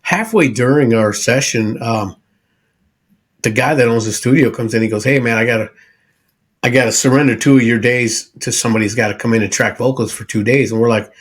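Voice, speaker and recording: Easygoing husky man in his sixties. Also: mid-range voice, brisk. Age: 60s. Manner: easygoing, says bro and dude a lot. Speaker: podcast host. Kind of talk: casual chat. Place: home studio.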